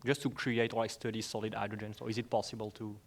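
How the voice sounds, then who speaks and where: Guy in the crowd asking a question, talks fast, keeps rephrasing himself. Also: lowish voice, flat delivery, vocal fry. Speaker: audience member asking a question.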